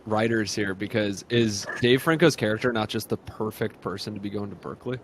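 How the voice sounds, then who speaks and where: A man's voice: fairly low pitch, a little fast, slight background noise. A man co-hosting a casual movie review podcast, reflective and a little rambling. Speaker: podcast co-host.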